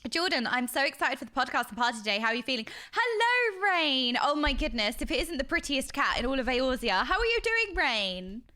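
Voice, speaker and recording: Chatty, animated woman streamer. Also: high-pitched, fast talker, hardly any pauses. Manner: chatty and self-described yappy; effusive, uses extreme language. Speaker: livestreamer. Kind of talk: casual livestream chat with viewers.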